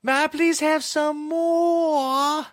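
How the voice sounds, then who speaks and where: A man's voice: extremely high pitch, fairly even intonation, no echo, clean studio sound, pitched above the performer's own voice, exaggerated voice. A man doing a pleading English orphan boy. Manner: loud, drawn-out, exaggerated.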